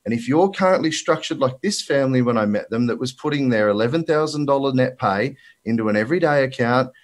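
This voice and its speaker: An Australian finance broker gives an energetic talk at a live virtual summit, blunt and emphatic with colloquial asides and a bit out of breath. His mid-range voice is animated and quick, picked up by a presenter mic.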